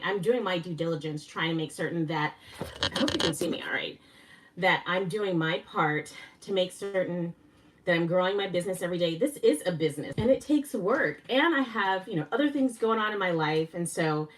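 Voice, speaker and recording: A woman hosting a casual live stream, excitable and a little winded, laughing often and gushing with thanks. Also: fairly low pitch, far from the mic, a little hiss or hum. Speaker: livestream host.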